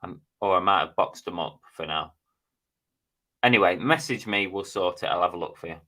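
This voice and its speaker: A middle-aged host chats on a relaxed live stream, going through viewers' names and comments. He has a low voice with a sharp tone and speaks at a moderate pace.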